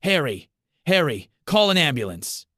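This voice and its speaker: A man voicing a distraught young woman in a horror story reading, pitching his voice up. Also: expressive, moderate pace, fairly bright tone, breathy edge, no room sound, clean studio sound, full character voice. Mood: panicked.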